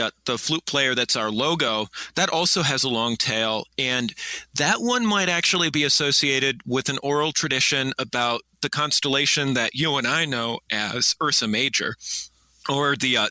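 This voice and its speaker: A man, a guest archaeologist, telling a story in a podcast interview, halting with many fillers and restarts. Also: medium pitch, sharp tone, no room sound.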